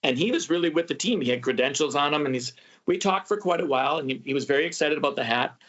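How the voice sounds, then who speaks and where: A man hosting a travel podcast, telling a story in a casual, animated way and acting out what people said. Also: on the high side, quick pace. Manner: animated, acts out quoted voices. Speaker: podcast host. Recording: muffled lo-fi audio.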